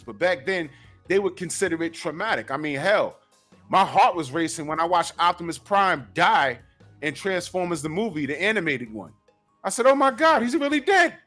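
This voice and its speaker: A middle-aged man with a high voice hosts a casual chat, telling stories in an animated way. He acts out his own reactions and often stumbles over repeated words and fillers. Faint music plays behind him. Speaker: host. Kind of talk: casual chat about cartoons.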